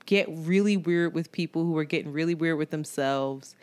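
A woman's voice: low-pitched, normal speed, a little mellow, clear, resonant tone. A woman co-hosting a podcast in casual chat, talking candidly and with plenty of swearing. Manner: candid and profane, with frequent laughs. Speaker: podcast co-host.

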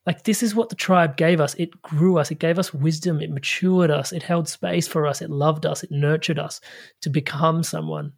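A fairly high-voiced man speaks as a life coach guest in a podcast conversation. He is casual and slangy, full of "like" and "you know," and tells his stories with energetic, spiritual self-help phrasing. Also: moderate pace, gravelly. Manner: casual, slangy, frequent fillers.

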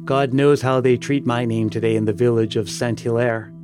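A man's voice: mid-range voice, steady tone, moderate pace, close to an everyday voice. A man doing a harsh, bitter peasant ghost. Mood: regretful. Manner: harsh, railing. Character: bitter dead peasant man's ghost, restless. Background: music.

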